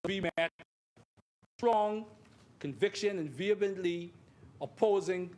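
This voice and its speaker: A man's voice: high-pitched, takes it slowly, long pauses, darkish tone. A Bahamian man with a Bahamian accent giving an emphatic parliamentary debate speech, repeating phrases and often addressing the chair. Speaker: member of parliament. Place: parliament chamber.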